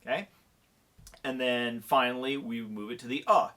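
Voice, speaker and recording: A man's voice: medium pitch, fairly even intonation, normal speed, very noisy. A man giving a percussion lesson who counts beats aloud and keeps checking in with the listener. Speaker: percussion clinician. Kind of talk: instructional demonstration.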